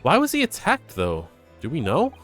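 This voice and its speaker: A man voicing an earnest young lawyer, pitched high. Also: wildly swooping pitch, normal speed, a bit bright, soft background music. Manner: high, startled exclamations.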